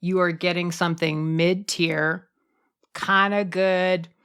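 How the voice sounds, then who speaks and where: A woman hosting a comedy podcast, talking in a playful, teasing way that swings between bold asides and hushed confessions. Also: fairly low pitch, steady tone, slow pace, clear, resonant tone. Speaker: podcast host. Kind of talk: comedic podcast monologue and panel chat.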